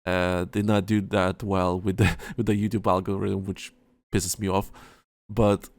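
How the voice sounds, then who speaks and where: A man co-hosting a podcast in casual chat, rambling and halting, with plenty of fillers and restarts. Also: low voice, flat delivery, creaky, dry recording. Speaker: podcast co-host.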